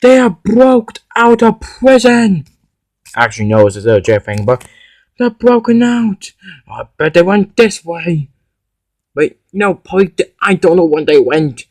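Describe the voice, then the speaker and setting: A male voice acting out a homemade toy-car drama, with excited, stumbling, improvised lines. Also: fairly high pitch, moderate pace, dry recording.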